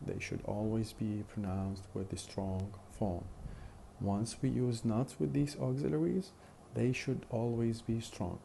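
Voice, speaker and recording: A man with a low, gravelly, mellow voice lectures on phonetics at a slow, careful pace. He repeats his example phrases and stops often on "uh" while he explains. A faint hiss of background noise sits under the recording.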